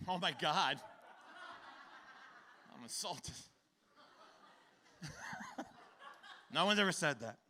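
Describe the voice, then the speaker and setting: A man in his fifties telling a stand-up comedy story on stage, acting out other people's lines and breaking into shouted exclamations. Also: a little high, drawn-out words, pauses often. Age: 50s. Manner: animated, acts out characters with shouted exclamations. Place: comedy stage before a live audience.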